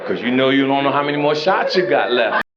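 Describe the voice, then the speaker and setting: A man in his sixties doing brash, crude, animated stand-up storytelling on a comedy club stage. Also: mid-range voice, quick pace. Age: 60s. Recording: roomy, muffled club sound. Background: loud audience laughter and noise.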